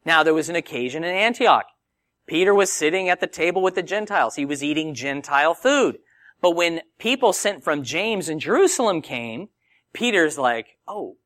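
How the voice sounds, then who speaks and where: A male preacher whose lively voice swoops widely in pitch, set fairly high for a man. He teaches in a conversational, animated way and speaks close to a dry microphone with no room sound. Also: no room sound. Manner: animated, conversational Bible teaching with acted quotes. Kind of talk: sermon.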